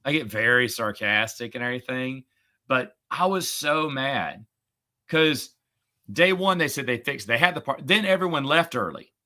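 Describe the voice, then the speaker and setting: A middle-aged man in casual chat, a podcast host who talks in a sarcastic, chatty way and gets animated when retelling a story. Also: mid-range voice, moderate pace.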